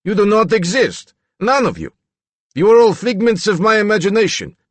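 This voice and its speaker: A man's voice: high-pitched, big pitch swings, moderate pace, no echo, voice pushed up. A man voicing a brash, boastful young male prisoner who growls and taunts the others. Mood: taunting. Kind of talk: audiobook narration.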